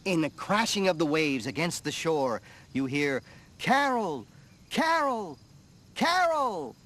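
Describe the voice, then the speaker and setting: An actor playing a theatrical male group leader who sets scenes in a dramatic, drawn-out way. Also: a little high, animated, a bit bright.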